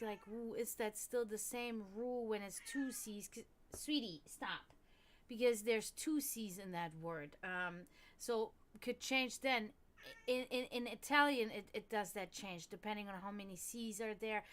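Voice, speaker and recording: Rambling, higher-voiced woman streamer. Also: fairly bright tone. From Germany. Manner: rambling and digressive, swears when annoyed. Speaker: streamer reading and discussing esoteric texts. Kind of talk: casual livestream chat with reading aloud.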